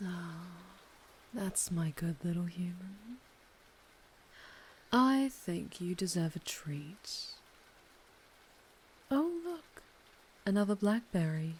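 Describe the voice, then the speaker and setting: A woman voicing a powerful, possessive female orc warrior in a whispered role-play, murmuring and often breathy. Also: low voice, steady tone, slow pace, long pauses, a little mellow, heavily acted. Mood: seductive, possessive. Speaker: ASMR storyteller.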